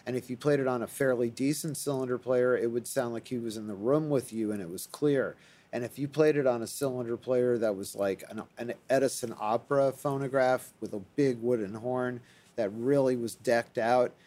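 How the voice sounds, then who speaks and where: A man's voice: mid-range voice, normal speed, a little mellow. A man in casual conversation, rambling enthusiastically with frequent fillers and restarts. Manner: rambling, enthusiastic about old records.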